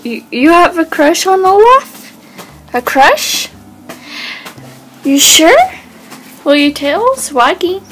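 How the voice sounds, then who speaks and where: A woman hosts a cheerful home pet vlog, putting playful questions to her dogs. She talks slowly in a high, swooping, sing-song baby-talk voice, with faint noise behind her. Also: fairly bright tone, low-quality recording. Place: home room with an ottoman.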